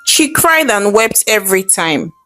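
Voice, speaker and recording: A woman narrating a folktale in an expressive, measured storytelling manner. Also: mid-range voice, faint music behind, poor audio.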